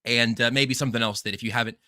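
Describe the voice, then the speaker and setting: Bright, dry-sounding podcast host. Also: male voice, medium pitch, fairly even intonation, rapid-fire, dry recording. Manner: rambling, joking, self-deprecating. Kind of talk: casual sports podcast chat.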